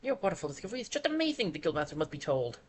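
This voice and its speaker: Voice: medium pitch, sing-song, racing, slight background noise, close to an everyday voice. A streamer doing Chatot, a fussy, pompous bird. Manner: fussy, formal, self-important. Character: pompous chattering bird guild assistant, male. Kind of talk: reading game dialogue aloud.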